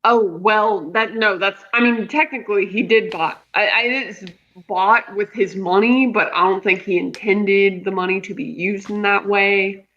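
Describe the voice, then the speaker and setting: A player in a tabletop role-playing game, talking in a halting, hesitant way. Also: medium pitch, fairly even intonation, sharp tone, lo-fi sound. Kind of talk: tabletop role-play chat.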